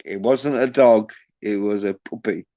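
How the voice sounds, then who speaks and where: A man's voice: on the low side, unhurried, warm tone, no echo. A man hosting a livestream, ranting crudely and mockingly while reading out the chat. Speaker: livestream host. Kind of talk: casual livestream rant. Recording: dull lo-fi stream audio.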